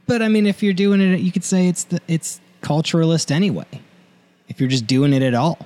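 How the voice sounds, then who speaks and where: A man in relaxed, playful conversation with friends. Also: on the high side, fairly quick. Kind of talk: casual chat.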